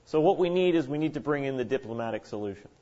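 A man preaching a sermon in an animated way, acting out the voices of the people he quotes. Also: medium pitch, quick pace. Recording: dull lo-fi recording.

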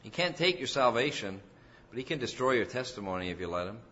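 A man preaching a sermon as a pastor, rising loud and emphatic on key phrases. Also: mid-range voice, very animated, quick pace, lo-fi sound.

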